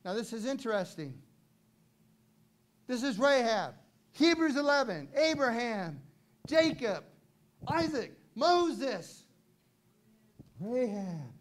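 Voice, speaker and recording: High-voiced man preaching with big swings. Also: slow pace, long pauses. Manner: animated preaching, swinging from soft asides to shouting. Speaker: pastor. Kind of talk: sermon. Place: church sanctuary.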